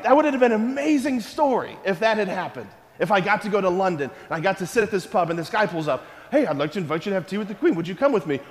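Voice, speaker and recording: Animated priest with a high voice. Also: male voice. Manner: animated and playful, full of rhetorical questions. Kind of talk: sermon-style talk to a live audience. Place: hall with a live audience. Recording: long reverb of a hall.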